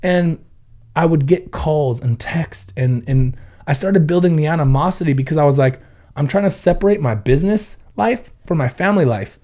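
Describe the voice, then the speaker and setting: A car audio shop owner in his thirties, from Ventura County in Southern California, talks in a relaxed podcast chat, recounting stories bluntly and profanely with quoted exchanges. His voice runs a bit high and warm at a normal speed.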